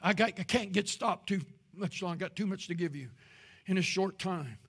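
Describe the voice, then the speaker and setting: A man, preaching a sermon as pastor with impassioned rises into shouting. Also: high-pitched, normal speed, slightly rough.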